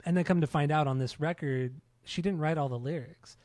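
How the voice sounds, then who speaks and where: A man's voice: a little high, a little fast, a little mellow, no room sound. A man co-hosting a casual music podcast, talking in an easygoing, hedging way with many fillers. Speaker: podcast co-host.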